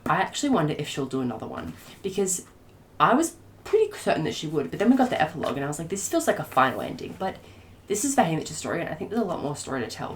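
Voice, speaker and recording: A woman book reviewer in a casual spoiler rant to camera, gushing and excitable, often restarting her sentences. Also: deep voice, a little hiss or hum.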